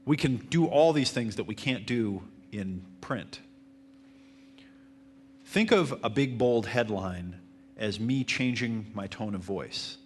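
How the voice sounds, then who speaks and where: A man teaching marketing at a live seminar, answering audience questions in a fairly even, self-described monotone manner. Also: fairly low pitch, slow pace, a little hiss or hum. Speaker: marketing instructor.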